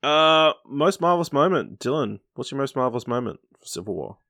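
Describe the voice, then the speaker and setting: A man's voice: medium pitch, sing-song, fairly quick, pushed and bright, no echo, clean studio sound. A man co-hosting a casual film podcast, moving the segments along with brief, matter-of-fact remarks. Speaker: podcast co-host running the segments.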